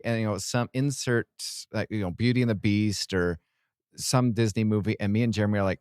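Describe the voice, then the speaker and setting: A man's voice: on the low side, steady tone, fairly quick, clear, resonant tone, no echo, studio quality. A man co-hosting a casual podcast, telling stories with chuckling asides. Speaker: podcast co-host. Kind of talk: casual chat.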